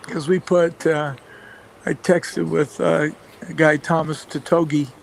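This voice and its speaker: A man's voice: fairly high pitch, level tone, slow pace, vocal fry, rough recording. A man who coaches football, telling rambling stories in a radio interview, full of fillers and restarts, chuckling as he goes. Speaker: football coach and play caller. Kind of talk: casual anecdotes in a radio interview.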